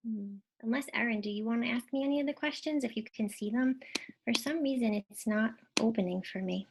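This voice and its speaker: A woman's voice: a little high, a little fast, noisy background. A woman teacher presenting a live webinar in a casual, bubbly way, thanking viewers and muttering to herself while she fixes tech trouble on a computer mic.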